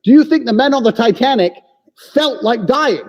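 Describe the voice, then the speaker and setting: A man as a podcast guest, talking bluntly and forcefully with lots of swearing and emphatic claims. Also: extremely high pitch, expressive, moderate pace. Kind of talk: blunt opinionated conversation. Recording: long reverb, dull lo-fi sound.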